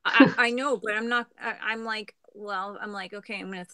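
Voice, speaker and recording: A middle-aged woman from Canada chatting casually on a craft livestream, meandering and trailing off into soft murmurs. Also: a little high, fairly even intonation, normal speed, crowd noise.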